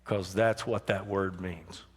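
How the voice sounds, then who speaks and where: Male pastor, slow emphatic sermon, church hall reverb. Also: sits low, fairly even intonation, slightly rough. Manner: emphatic preaching, swings from hushed to raised. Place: church sanctuary.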